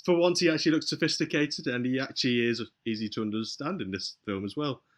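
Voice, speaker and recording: With slight background noise, a man with a mid-range voice speaks at a quick pace, casually recapping a film's plot on a podcast. He's animated, acting out the characters' lines as he goes.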